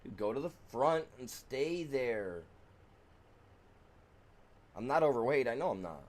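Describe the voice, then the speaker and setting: A male streamer talking his way through a farming game in an unhurried drawl. He chats casually with his viewers and keeps grumbling and cursing at the game when it misbehaves. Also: medium pitch, sing-song. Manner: grumbles and swears at the game, talks to chat. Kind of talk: casual live-stream commentary.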